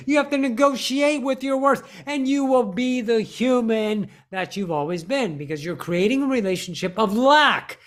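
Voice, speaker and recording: A woman giving a spiritual teaching monologue in a blunt, profane manner, repeating words for emphasis. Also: fairly high pitch.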